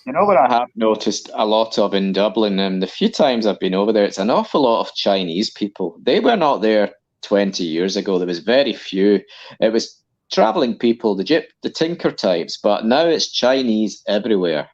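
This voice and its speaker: A deep-voiced man joins a livestream as a guest and tells long, rambling anecdotes. His voice comes through slightly dull and lo-fi, like a remote call connection. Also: very animated, normal speed. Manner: long-winded anecdotal storytelling. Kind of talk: casual live-stream chat.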